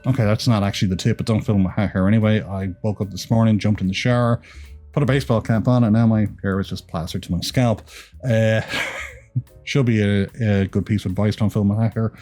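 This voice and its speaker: Faint music plays behind a man from Ireland whose accent has picked up some American tones. A YouTube creator with a lowish, steady, mellow voice, he talks fairly quickly, rambling through casual advice and poking fun at himself.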